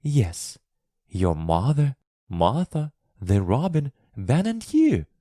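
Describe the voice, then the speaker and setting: A man voicing a lonely, eager young girl in a storybook reading for English learners, with a high, pleading girlish voice. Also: huge pitch swings, takes it slowly, warm tone, dry recording, clean studio sound, heavily acted.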